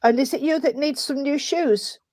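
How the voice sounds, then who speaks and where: A woman's voice: high voice, moderate pace, darkish tone, dry recording. A woman giving spirit messages at a service, chatty and affectionate, calling people sweetheart. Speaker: spiritualist medium.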